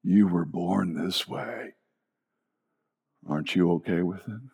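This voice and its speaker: A man voicing a whispering demonic tempter who taunts in a low, hushed voice. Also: slow pace, slightly rough, heavily acted. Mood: coaxing.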